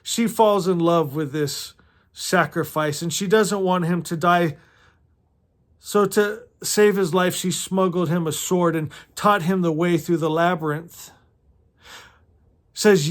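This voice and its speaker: Middle-aged man, higher pitch, slow unhurried delivery, emotional casual read-through with asides and laughs. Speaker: host reading a novel aloud. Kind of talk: casual reading with personal commentary.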